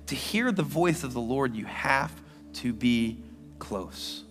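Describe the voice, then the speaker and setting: A male pastor delivers a sermon, telling animated stories before slowing to a hushed, deliberate voice. His voice sits at a middle pitch and rings with long reverb through a large hall. Faint music plays underneath. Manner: animated storytelling that drops to a hushed, slow delivery.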